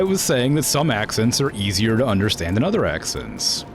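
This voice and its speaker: A man's voice: on the low side, very animated, brisk, hardly any pauses, music in the background. A young man from Florida streaming a game in casual, rambling chat, full of fillers and laughter.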